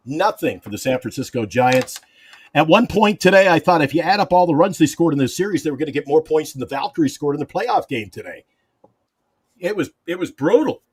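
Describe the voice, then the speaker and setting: A man's voice: fairly high pitch, husky. A man panelist on a sports talk show, ranting in an exasperated, rambling way with restarts, calling in from a hot room. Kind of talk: animated sports fan rant.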